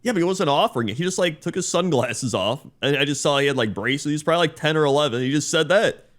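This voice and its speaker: A man's voice: a little high, lively intonation, fast talker, a bit bright. A man co-hosting a podcast in casual chat, telling a rambling story and chuckling often. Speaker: podcast co-host.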